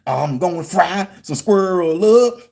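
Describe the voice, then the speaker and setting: A man's voice: high voice, expressive, rapid-fire, vocal fry, mellow. A man putting on the voice of a jolly, folksy bumpkin who drawls in broken grammar and singsong phrases.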